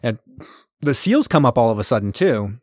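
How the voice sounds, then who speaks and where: A man's voice: mid-range voice, big pitch swings, moderate pace, dry recording, studio quality. A man recapping a show in casual chat, rambling and profane, acting out characters' lines. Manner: rambling, profane, acts out quotes.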